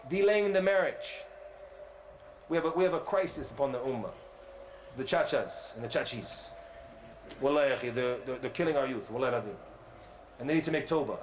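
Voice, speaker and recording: A man speaks loudly into a close microphone, delivering an animated lecture to a big hall. His voice sits a little higher than most men's, and he keeps throwing questions at the audience and teasing them for staying quiet. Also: slight background noise. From USA. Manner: animated, asks the crowd questions and teases them; loud voice, by his own account. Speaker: visiting sheikh giving a lecture. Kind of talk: lively lecture sermon to a youth audience. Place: large multi-floor community centre hall.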